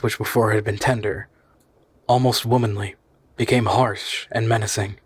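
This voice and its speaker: A man reading a classic novel aloud in steady, measured narration. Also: lowish voice, husky, no room sound. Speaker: audiobook reader.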